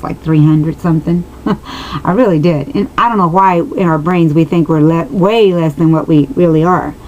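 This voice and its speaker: Woman vlogger, low-pitched, earnest personal storytelling, lots of restarts and asides, faint background hiss. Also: poor audio. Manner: rambling, with many restarts and asides to viewers; earnest and emotional. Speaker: vlogger answering viewers.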